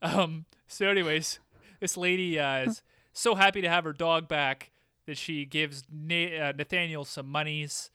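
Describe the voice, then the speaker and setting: Playful podcast co-host, man, bright crisp voice. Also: fairly high pitch, steady tone, moderate pace, no echo, studio quality. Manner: joking, playful, acts out quotes. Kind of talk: casual chat recapping an episode.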